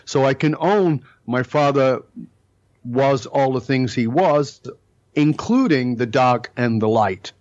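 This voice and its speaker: In a muffled recording, a middle-aged man appears as a podcast interview guest and tells stories. He's blunt and emphatic, swearing now and then, and speaks slowly in a mid-range, slightly mellow voice.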